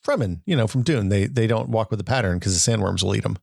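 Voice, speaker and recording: A man co-hosting a tech podcast in casual chat, explaining ideas through tangents and jokes. His voice sits low with a gravelly edge. The sound is dry and close. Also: fast talker, a little mellow, no echo. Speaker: podcast co-host.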